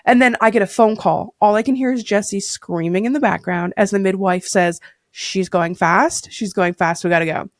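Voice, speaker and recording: A young woman who is a podcast guest, telling a story in a casual, animated way and acting out the dialogue she quotes. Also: mid-range voice, a little fast, few pauses, no echo, studio quality.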